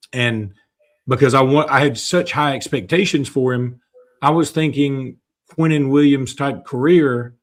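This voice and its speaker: Chatty man with a Southern accent. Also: medium pitch. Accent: Southern American. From Alabama. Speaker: co-host. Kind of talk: casual sports talk.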